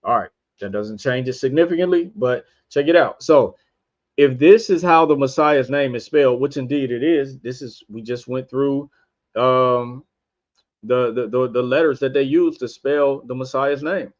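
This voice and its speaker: A man's voice: mid-range voice, normal speed. A man hosting a podcast, giving an informal religious lesson while sharing his screen. He spells out letters one by one and keeps asking his listeners rhetorical questions. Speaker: podcast host teaching scripture. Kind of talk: informal religious teaching over a screen share. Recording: dull lo-fi stream audio.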